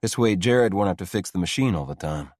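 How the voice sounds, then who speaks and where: An actor playing a confident, teasing rich young man in an audiobook, speaking smoothly with a low, gritty voice. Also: animated, fairly quick, a little mellow, no room sound, clean studio sound. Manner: smooth, commanding. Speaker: love interest. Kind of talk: audiobook dialogue.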